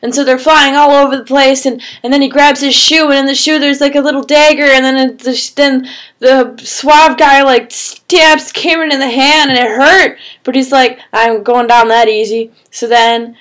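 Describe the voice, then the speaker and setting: A woman's voice: high voice, steady tone, normal speed, fairly bright tone. A woman casually telling a made-up story, rambling with fillers and swearing.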